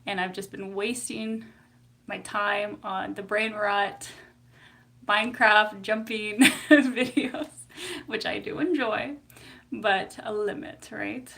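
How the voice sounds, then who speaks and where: A woman's voice: medium pitch, steady tone, slow pace, creaky, a bit bright. A woman therapist chatting casually on a live stream, giggly and full of fillers. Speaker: psychotherapist.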